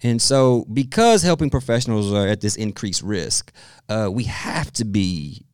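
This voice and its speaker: Smooth-voiced middle-aged man telling stories. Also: lowish voice, unhurried, no echo, clean studio sound. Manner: storytelling, animated, laughs often. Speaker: guest expert. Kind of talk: podcast interview conversation.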